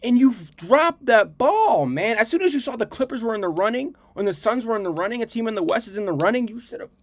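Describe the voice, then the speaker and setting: A male podcast host with an extremely high-pitched voice talks fast in casual sports commentary, heated and slangy, repeating himself as he rants. The recording has no echo.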